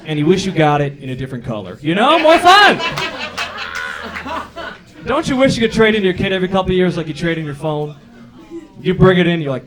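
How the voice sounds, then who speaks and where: A man in his thirties performing a stand-up set on a comedy club stage, with an animated, self-deprecating, punchy delivery into a handheld mic. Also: a little high, brisk. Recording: live club recording with crowd laughter. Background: audience laughter.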